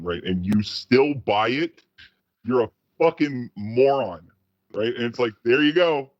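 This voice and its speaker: A man's voice: medium pitch, moderate pace, dry recording. Rambling, profane man on a lo-fi podcast. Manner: rambling, profane storytelling with many restarts. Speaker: podcast co-host. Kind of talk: casual chat.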